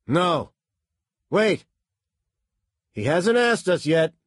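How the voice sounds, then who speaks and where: Brief: man voicing a tense male officer in an audiobook, loud and urgent, husky. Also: high-pitched, animated, measured pace, no room sound, clean studio sound, pitched above the performer's own voice, full character voice.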